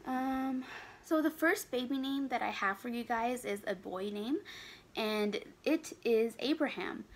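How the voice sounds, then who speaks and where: Her voice on the high side and unhurried, a young adult woman talks casually to her channel from her bedroom. She's breathless and keeps wandering off into one aside after another.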